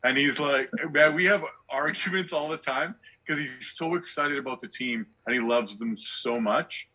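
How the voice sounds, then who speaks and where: A man's voice: mid-range voice, moderate pace, sharp tone, poor audio. A male comedian on a podcast, ranting with sarcastic rhetorical questions in casual chat. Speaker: guest comedian.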